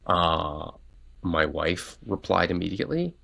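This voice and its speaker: A middle-aged man co-hosting a dad podcast, telling a story in casual chat and jumping up in pitch to act out the people he quotes. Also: takes it slowly, vocal fry. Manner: animated, jumps high to act out quoted voices. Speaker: podcast co-host.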